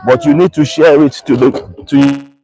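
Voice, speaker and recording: A man hosting a live broadcast, earnest and repeating key points slowly for emphasis. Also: on the high side, fairly even intonation, dark tone, husky, no echo, rough recording. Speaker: livestream host.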